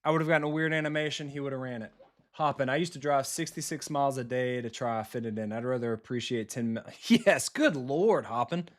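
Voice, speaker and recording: A man streaming a football video game live, talking casually and bluntly with his viewers and reacting quickly to the plays. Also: mid-range voice. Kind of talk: live gameplay commentary, chatting with viewers.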